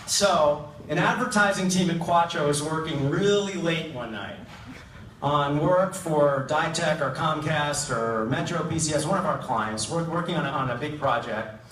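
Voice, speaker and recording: A middle-aged man gives an acceptance speech in a large event hall, hesitant and self-deprecating. His voice sits slightly high and reaches the mic from a distance. The room echoes, with faint ambience underneath. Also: normal speed, a bit bright, slight background noise. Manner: hesitant, many ums, self-deprecating humor. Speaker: award recipient giving an acceptance speech.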